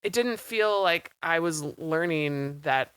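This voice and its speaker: A chatty woman in her thirties with a low, deep-set voice, talking on a podcast in loose, rambling fashion. She acts out little quotes as she goes, and the sound is close and dry with no room around it. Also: slow, smooth, dry recording. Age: 30s. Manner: chatty, animated retelling with acted-out quotes. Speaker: podcast co-host. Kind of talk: casual chat. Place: small studio.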